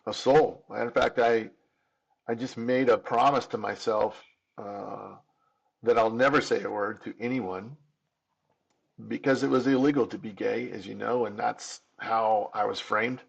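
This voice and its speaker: A man's voice: fairly low pitch, steady tone, unhurried, gravelly, husky, muffled recording. A man in his fifties telling his own story as an interview guest, candid and earnest, often restarting and repeating words. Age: 50s. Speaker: podcast guest.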